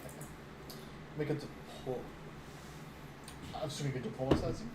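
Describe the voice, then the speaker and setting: A man's voice: medium pitch, level tone, normal speed. Game master, man, loose rambling delivery, echoey room with background noise. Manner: rambling, many fillers, laughs at own descriptions. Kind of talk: narrating a tabletop game.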